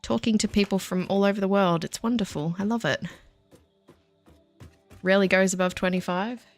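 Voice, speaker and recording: A woman's voice: mid-range voice, moderate pace, faint music behind. A woman chatting casually with her viewers while she plays, self-deprecating and easily sidetracked. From Australia. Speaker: game streamer. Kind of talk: casual chat while gaming.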